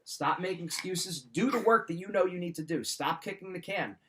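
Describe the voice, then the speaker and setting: A man's voice: high voice, fairly quick, a bit bright, a little hiss or hum. A middle-aged man coaching listeners in an emphatic, direct motivational talk. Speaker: wrestling mindset coach.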